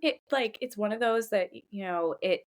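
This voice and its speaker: A woman in her thirties co-hosts a podcast, telling a lively story in casual chat and imitating other people's voices. She speaks at normal speed with a medium pitch.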